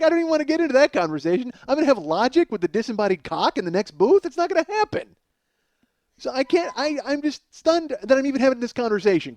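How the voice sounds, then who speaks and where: A male comedian host tells a long, profane story as a monologue, his voice pitched extremely high with no echo. He is animated throughout and laughs in the middle of sentences.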